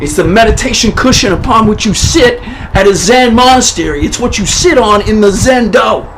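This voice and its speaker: A man delivering a profane, manic improvised comedy rant to the camera, often shouting. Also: sits high, normal speed, slight background noise, rough recording. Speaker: performer of an improvised comedy monologue.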